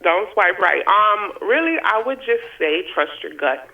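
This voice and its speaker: A woman's voice: mid-range voice, big pitch swings, unhurried. A woman calling in as a birthday guest, talking in an emotional, heartfelt way with easy laughs. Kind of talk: casual radio interview on the phone. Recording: tinny phone line.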